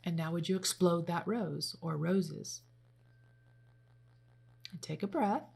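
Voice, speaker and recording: A woman leading a guided meditation, giving slow, gentle spoken instructions. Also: fairly low pitch, vocal fry, husky. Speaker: meditation leader.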